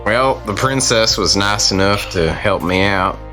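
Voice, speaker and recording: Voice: low voice, unhurried, soft background music, rough recording. A player in a tabletop game, speaking casually with hesitant, plain questions.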